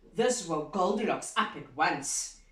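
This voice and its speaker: A woman teacher reading a story aloud to children, animated and expressive, pausing to quiz the class. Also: sits low. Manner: animated, slow and expressive, asks the class questions. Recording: echoey room from far off.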